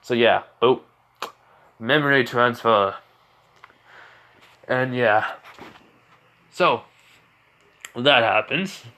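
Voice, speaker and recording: Man, casual fan-story narration, rambling, lots of fillers, middle pitch. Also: drawn-out words, pauses often, pushed and bright. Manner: rambling, full of fillers and restarts, chuckling.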